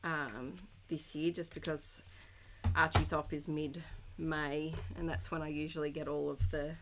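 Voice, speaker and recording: A woman livestreaming her scrapbooking at home, talking slowly and unhurriedly with a slightly low, gravelly voice. she reads out viewer comments, giggles a lot and thinks aloud between ums. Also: level tone, very noisy. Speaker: scrapbooking live streamer. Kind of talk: casual chat while crafting, reading viewer comments.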